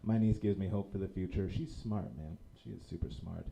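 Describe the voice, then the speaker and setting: A young man performing a stand-up comedy set, telling self-mocking stories in an animated way on a small theater stage. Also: low-pitched, brisk, vocal fry, highs cut off, slight background noise.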